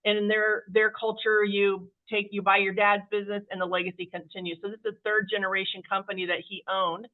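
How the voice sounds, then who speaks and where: A woman company CEO telling her story as a guest in an interview, chatty and animated, acting out the voices of people she quotes. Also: medium pitch, brisk, hardly any pauses. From Kansas City area, USA. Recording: phone-like narrow-band sound.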